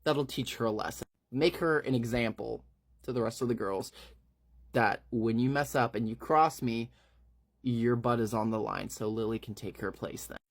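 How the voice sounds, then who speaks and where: A man's voice: medium pitch, normal speed, lightly acted. A man voicing a cold, scheming woman boss with a scornful, clipped delivery in a retold story.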